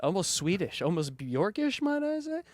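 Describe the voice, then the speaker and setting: A man's voice: high voice, sing-song, normal speed, a little mellow, dry recording. A man hosting a podcast in casual chat, rambling and laughing often. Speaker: podcast host.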